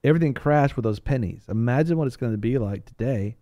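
A man with a mellow, warm voice chatting on a talk show panel. He tells rambling, animated stories, often restarting his sentences. The sound is dry and close. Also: medium pitch, quick pace, no room sound. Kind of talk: casual chat.

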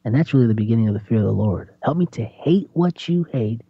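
A man co-hosting a faith talk, preaching in an animated, conversational way and acting out quotes. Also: mid-range voice, fast talker, slightly rough, dry recording. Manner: animated, laughs often, acts out quotes. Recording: dry, slightly dull lo-fi sound.

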